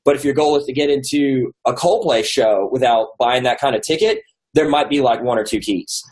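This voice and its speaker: Guy, author guest, chatty storyteller, filler-heavy, mid pitch. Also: a little fast, darkish tone, poor audio. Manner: rambling with many likes and restarts. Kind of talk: casual storytelling interview.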